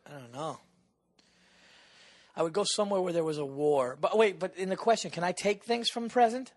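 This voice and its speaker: A man from New York, a podcast guest in casual chat, talking excitedly with plenty of swearing. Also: high voice, a little fast. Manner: excitable, profane, keeps talking over the other man.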